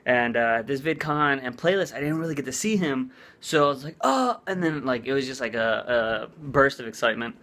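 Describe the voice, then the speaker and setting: A man's voice: mid-range voice, fairly quick, hardly any pauses, sharp tone. A man vlogging in a casual chat, rambling with lots of "like" and "uh". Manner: rambling, full of "like" and "uh".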